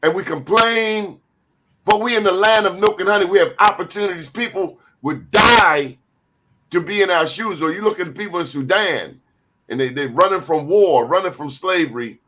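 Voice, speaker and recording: A man hosting a talk show, talking in an animated, emphatic way with lively asides. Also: sits high, normal speed.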